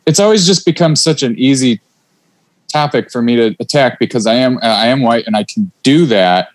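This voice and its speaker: A man's voice: mid-range voice, animated, normal speed, dry recording. A man co-hosting a podcast, talking casually and bluntly and swearing freely. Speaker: podcast co-host.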